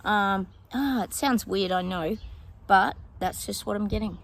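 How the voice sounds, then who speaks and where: A woman psychic chats casually with her viewers in a predictions monologue, rambling and thinking out loud with plenty of fillers and frequent laughter. Her mid-range voice is creaky and moves at a measured pace, with slight background noise.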